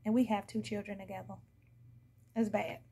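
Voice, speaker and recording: A woman's voice: mid-range voice, level tone, normal speed, vocal fry, dark tone, breathy edge. A woman giving a casual, blunt tarot reading, chatting to viewers and laughing often. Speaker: tarot reader.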